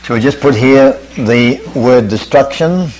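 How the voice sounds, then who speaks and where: An older man preaching at a camp meeting, leading a measured Bible study that quotes scripture and puts questions to his listeners. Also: medium pitch, a little mellow, low-quality recording. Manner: measured, questioning teacher, quotes scripture in King James wording.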